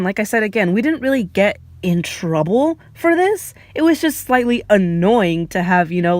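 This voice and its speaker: A young woman vlogger telling childhood stories in a chatty, lively way, with laughs and fillers. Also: fairly high pitch, dry recording. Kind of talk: casual storytelling.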